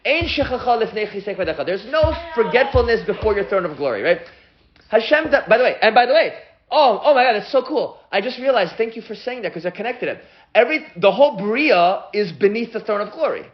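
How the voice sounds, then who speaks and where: A man teaching a lively class as a rabbi at a whiteboard, excitable and often stopping to restart his sentences. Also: high-pitched, brisk, roomy sound, lo-fi sound. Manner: excitable, self-interrupting, stumbles over restarts.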